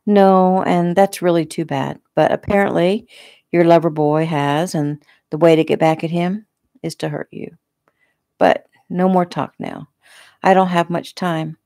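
A calm, coaxing male attacker who threatens in an even, quiet voice, voiced by a woman reading her own book. The voice sits low with a gravelly edge, and the audiobook sound is close and dry. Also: unhurried, no room sound. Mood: cold coaxing. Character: menacing male attacker, soft-spoken and cold.

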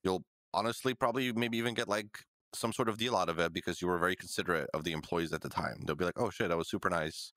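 Podcast co-host, young man, low pitch, dry close sound, loose and profane. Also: steady tone, fast, few pauses, a bit bright, no room sound. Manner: laid-back, swears freely, many fillers. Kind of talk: casual chat.

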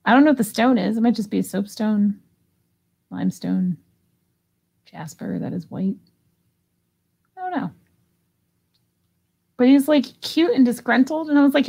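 A woman's voice: on the high side, animated, a little slow, creaky, pauses often, darkish tone, breathy edge. A woman hosting a live online auction, chatting casually and giggling as she reads out bids. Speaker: live sale host.

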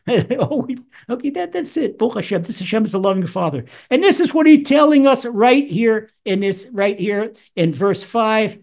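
A man teaching Psalms as a rabbi, animated, acting out voices with wide swings in pitch. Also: normal speed. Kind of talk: Torah lesson.

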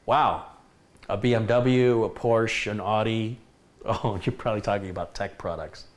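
A man's voice: lowish voice, fairly even intonation, normal speed. A man hosting a casual tech live stream, chatting enthusiastically with viewers. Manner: chatty, enthusiastic, reads viewer comments aloud.

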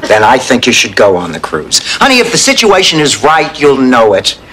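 An actress playing a sharp-tongued older woman in a sitcom, with dry, sarcastic delivery. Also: rumbling low, big pitch swings, normal speed, full character voice. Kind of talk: sitcom acting. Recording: noisy TV audio with studio audience laughter.

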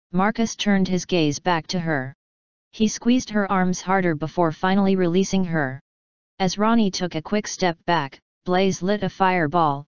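A woman narrates a novel in a measured, even reading. Her voice is low for a woman and exceptionally smooth and clear. The recording is bone dry and a bit dull. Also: dry recording. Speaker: audiobook narrator. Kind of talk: scripted narration.

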